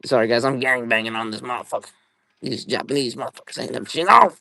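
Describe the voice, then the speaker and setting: Profane, excitable young man selling live. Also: mid-range voice, fast talker, creaky, dry recording. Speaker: livestream seller. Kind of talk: casual live-selling stream.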